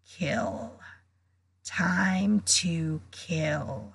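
A woman voicing a cold, murderous, disembodied monster, slow and hissing. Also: sits low, creaky, husky, dry recording, pitched below the performer's own voice, exaggerated voice. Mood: menacing.

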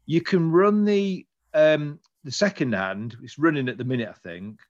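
A man's voice: fairly high pitch, normal speed, highs cut off. A British man talking casually as a podcast co-host, chatty and enthusiastic, rambling a little as he goes. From Britain. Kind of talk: casual chat.

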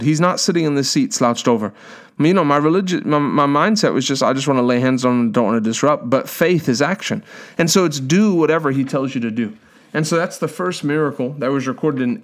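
A man preaching a sermon, telling a healing story with lively quoted voices and reading scripture aloud. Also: a little high.

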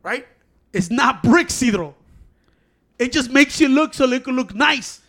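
High-voiced man. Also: animated, measured pace, sharp tone. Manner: heated, mixes Spanish and English, swears. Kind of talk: casual chat.

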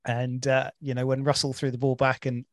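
A man's voice: mid-range voice, completely flat delivery, fairly quick, no room sound, clean studio sound. A man hosting an interview, asking long hesitant questions full of fillers. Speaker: interviewer, host. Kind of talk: casual interview.

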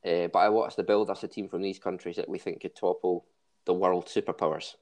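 A low-pitched man hosts a podcast. He rambles in a jokey way and stumbles over restarts. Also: steady tone, a little fast. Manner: jokey, rambling, with false starts. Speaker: podcast host. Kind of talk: casual podcast chat.

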